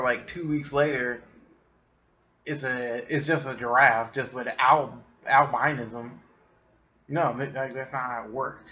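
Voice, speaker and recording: Solo podcast host, male, mid pitch, profane and animated, slightly muffled home recording. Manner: profane, animated, laughs often. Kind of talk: casual solo podcast rant.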